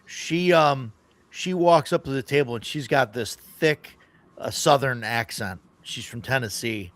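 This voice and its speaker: A man's voice: medium pitch, a little slow, fairly bright tone, no room sound. Rambling, laughing man hosting a chat. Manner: rambling storyteller, laughs often. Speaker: podcast host. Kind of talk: casual chat.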